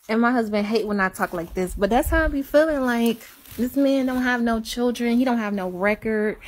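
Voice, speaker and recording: A woman chatting casually and confessionally, rambling and repeating herself, sometimes dropping to a hush. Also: a little high, normal speed. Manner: rambling, repeats herself, soft and hushed at times. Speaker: live-stream chatter.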